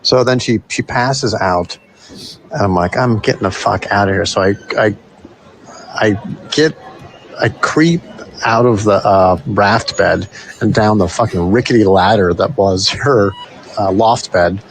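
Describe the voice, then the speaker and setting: A man casually telling a story in a voice note, animated and swearing freely, from the United States. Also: lowish voice, measured pace, slight background noise, low-quality recording.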